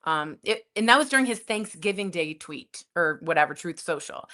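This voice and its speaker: A woman's voice: lowish voice, lively intonation, normal speed, pushed and bright. A woman co-hosting a news and comedy podcast, giving emphatic, impassioned opinions in casual chat. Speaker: podcast co-host.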